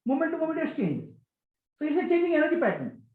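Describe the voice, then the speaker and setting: A man giving a spiritual talk to a gathering, animated and questioning, repeating key phrases. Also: very high voice, fast. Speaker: spiritual teacher. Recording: echoey, tinny phone-like sound.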